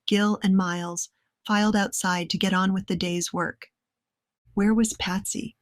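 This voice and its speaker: A woman reading her own novel aloud as audiobook narrator, in a calm, measured way. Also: mid-range voice, no echo.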